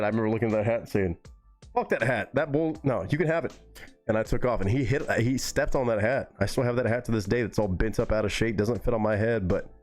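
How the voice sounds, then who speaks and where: A man with a fairly low voice tells a long story on his live stream. He talks in a relaxed, rambling way and swears freely. Soft music plays faintly behind him. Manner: relaxed, rambling and heavily profane.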